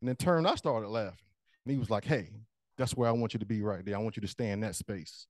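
A man's voice: on the low side, fast talker, no room sound. A man giving a short, humorous storytelling speech as joke master at a speaking club meeting.

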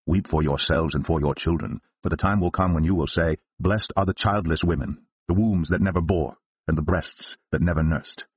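A calm, solemn Jesus, read by a man in his own deep voice. The words come measured and low, husky, and dry. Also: dry recording.

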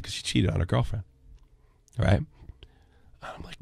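A man in his forties hosting a podcast, telling a story and ranting with constant swearing, dropping low and then shouting. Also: moderate pace, gravelly, breathy edge, no room sound, whispered. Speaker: podcast host. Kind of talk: profane commentary rant.

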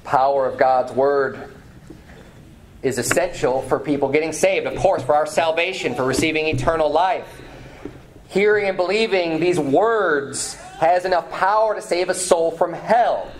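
A pastor preaching a sermon in church, reading scripture aloud with some restarts and fillers. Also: male voice, fairly high pitch, measured pace, slight background noise. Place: church sanctuary.

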